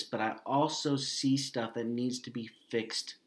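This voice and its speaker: Earnest pastor preaching from the heart. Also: male voice, steady tone. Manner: earnest, emotional, pausing often, dropping soft and low. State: grieving, voice heavy with hurt. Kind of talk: sermon and prayer.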